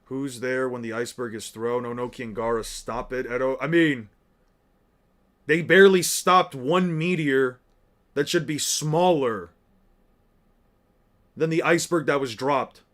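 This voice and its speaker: A man giving casual, animated fan commentary, rambling and restarting as he argues a point. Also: medium pitch, a little slow, long pauses. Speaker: anime commentator.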